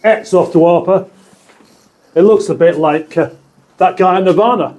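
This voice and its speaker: A man's voice: high voice, moderate pace, a little mellow. A man riding as passenger in a car, trading short, dry remarks with the driver. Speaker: co-host passenger. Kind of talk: casual banter in a car. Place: inside a moving car.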